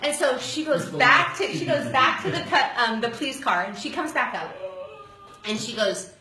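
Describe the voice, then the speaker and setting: A woman giving a storytelling speech to a live audience, animated and laughing, acting out the voices she quotes. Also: high voice, normal speed, faint music behind. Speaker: speaker at a sales event. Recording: roomy hall with faint noise.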